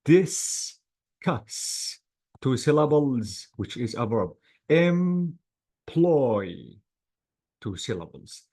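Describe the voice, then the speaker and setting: A man's voice: mid-range voice, animated, moderate pace, hardly any pauses, dark tone, husky. A male English teacher giving an online class lecture, patiently drilling words syllable by syllable.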